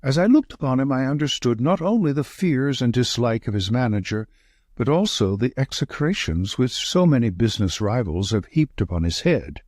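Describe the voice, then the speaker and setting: A man narrating a classic detective audiobook with steady, expressive delivery. His voice has a husky grain and a lively, rolling pitch, recorded close and dry. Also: normal speed, dry recording. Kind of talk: scripted narration.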